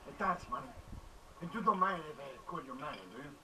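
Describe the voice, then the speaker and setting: An actor playing a brash, boastful gangster boss in a video game, talking in a cocky, taunting way. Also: male voice, fairly high pitch, brisk, noisy background, natural voice. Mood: mocking. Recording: distant game audio with faint music.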